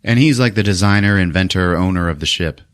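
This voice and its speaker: A man's voice: low voice, fast. A man hosting a podcast, casually retelling a movie plot with profanity and jumping into silly voices for the characters. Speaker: podcast host. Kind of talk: casual movie recap with acted-out lines.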